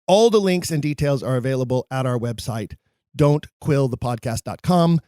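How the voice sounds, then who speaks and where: A man's voice: mid-range voice, animated, normal speed, dark tone, no room sound, studio quality. A man hosting a podcast, reading show announcements in an upbeat, promotional way. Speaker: podcast host.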